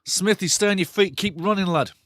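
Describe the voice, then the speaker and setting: A man hosting a live football watch-along, commenting on play with excitable, sweary banter aimed at his chat. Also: high-pitched, fairly quick, dry recording, clean studio sound.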